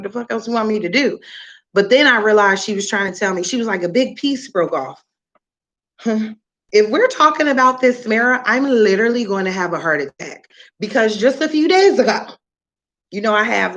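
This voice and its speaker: Exasperated woman venting on a livestream. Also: a little high. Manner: exasperated, profane, rambling venting. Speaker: livestreaming parent. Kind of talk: casual ranting livestream. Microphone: phone or webcam, livestream.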